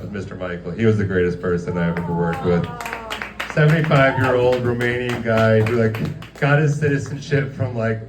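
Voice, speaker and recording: A man's voice: lowish voice, noisy background. A man doing a stand-up comedy set, rambling through stories with lots of fillers and acted-out quotes. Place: guerrilla comedy show venue. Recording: echoey room from far off.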